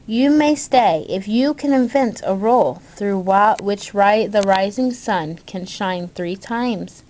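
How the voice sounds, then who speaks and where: A woman's voice: mid-range voice, slow pace, darkish tone, slight background noise, close to an everyday voice. A roaring, stern duke, as a woman reads him aloud. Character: angry, commanding male duke. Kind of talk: read-aloud storybook voice.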